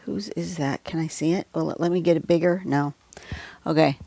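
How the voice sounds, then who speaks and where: A woman's voice: low-pitched, fairly even intonation, normal speed, vocal fry, dark tone, dry recording. A woman hosting a casual livestream drawing lesson, chatty and rambling with many asides, recorded on a phone at home. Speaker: drawing tutorial host.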